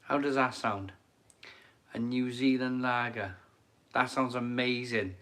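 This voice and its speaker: At a slow pace and in a steady, medium-pitched voice that's a bit bright, a middle-aged man chats casually on a live stream from his kitchen at home. He's enthusiastic and rambling, reading out viewers' comments and repeating himself.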